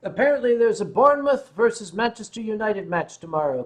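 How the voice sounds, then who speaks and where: Male stream host with a high voice, playful and quick to joke, reads chat aloud. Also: animated. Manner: joking, reads viewer comments aloud. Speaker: livestream host. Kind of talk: casual livestream chat.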